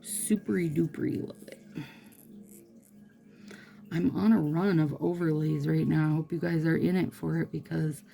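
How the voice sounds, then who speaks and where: A woman chatting casually as she does her nails, gushing and trailing into soft murmurs, with faint music behind. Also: sits low, steady tone, brisk, creaky, few pauses. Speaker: nail product vlogger. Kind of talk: casual chat while doing nails.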